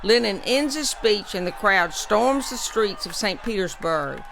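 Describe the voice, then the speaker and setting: A woman narrating an illustrated story in an animated, playful way. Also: medium pitch, measured pace, vocal fry, a faint crowd, slight background noise. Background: music.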